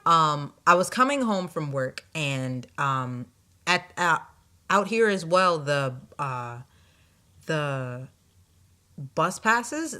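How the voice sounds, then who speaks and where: A young woman vlogger telling a casual, animated story about her day, quoting people and sounding exasperated. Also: low voice.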